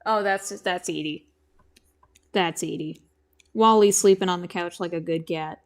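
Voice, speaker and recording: A woman's voice: on the low side, a little slow. A young woman streaming from home, chatting casually and rambling as she answers her chat while she draws. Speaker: streamer and animator.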